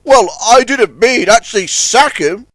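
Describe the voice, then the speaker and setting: A man's voice: very high voice, a little slow, fairly bright tone, no echo, voice pushed up. A man voicing a snobbish, sniffy male tugboat who speaks in a haughty, disapproving way. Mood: flustered.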